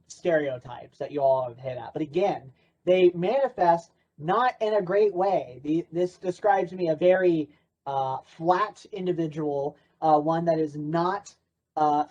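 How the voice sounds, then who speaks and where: A man's voice: a little high, dark tone. Guy running a workshop, teasing and sarcastic, kinda dull muffled recording. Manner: playful and sarcastic. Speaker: workshop presenter. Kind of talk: interactive workshop talk.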